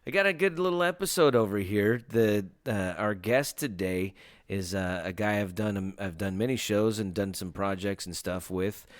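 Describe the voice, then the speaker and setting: A man's voice: lowish voice, normal speed, no echo, studio quality. A man hosting a casual podcast, rambling loosely with lots of hesitations. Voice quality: rambling, lots of fillers and restarts. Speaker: podcast host.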